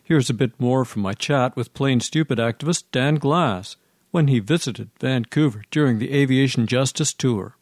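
A man's voice: mid-range voice, normal speed, no room sound, clean studio sound. A man hosting a radio show, reading scripted commentary with a sarcastic, mocking delivery.

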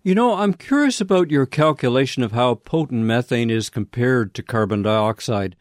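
A male interviewer posing prepared, measured questions to a guest. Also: medium pitch, animated, no room sound, clean studio sound. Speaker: interviewer host.

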